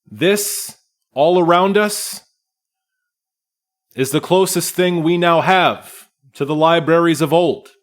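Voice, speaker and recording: A man's voice: a little high, slow pace, pauses often, voice pushed up. Easygoing male tour guide of a magic school, voiced by a man, raised and upbeat. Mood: proud.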